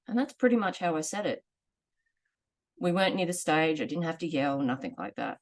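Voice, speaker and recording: A woman in her forties telling a personal story in a candid, earnest, measured way. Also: low-pitched, expressive. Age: 40s. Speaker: vlogger sharing lived experience.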